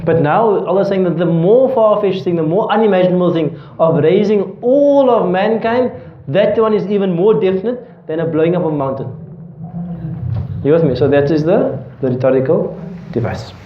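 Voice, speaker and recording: A man lectures a class, explaining through everyday examples and frequently checking that students are keeping up. His voice sits high with lively intonation at a moderate pace, and the lecture-hall recording sounds roomy and dull, with slight background noise.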